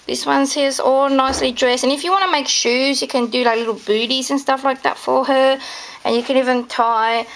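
Woman, fairly high voice, gravelly fry, chatty sewing tutorial, gushing. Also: fairly even intonation, moderate pace, a bit bright, a little hiss or hum. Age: adult with children. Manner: chatty and gushing, with many fillers. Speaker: craft tutorial maker.

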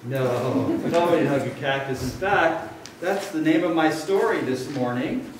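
A man leading a children's message at a church service, speaking gently and playfully to a young child and telling a story. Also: a little high, a little slow, distant mic, background noise. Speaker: pastor. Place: church sanctuary. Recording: echoey sanctuary, mic from afar.

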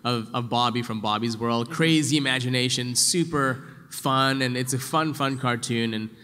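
A man's voice: mid-range voice, normal speed. Chatty man in an echoey hall. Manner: chatty, laughs often, breaks into loud yelled voices when telling stories. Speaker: voice actor guest on a convention panel. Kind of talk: casual panel Q&A answers. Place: large convention hall.

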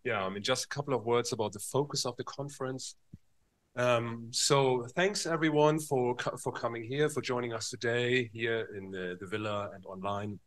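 A man at mid pitch opens a conference with a wry, lightly humorous talk. He speaks fluently and plainly. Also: moderate pace, fairly bright tone. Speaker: conference organizer.

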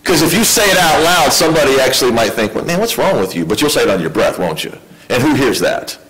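A man delivers a sermon in a relaxed, conversational way. He keeps asking his listeners questions, and his voice sits at a middle pitch. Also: fast, low-quality recording. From United States. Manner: conversational preaching, asks the congregation questions. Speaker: pastor.

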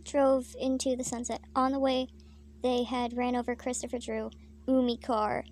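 A woman reading her own comic fanfiction aloud, deadpan with crude, swearing asides. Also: on the high side, normal speed. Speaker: fanfiction reader.

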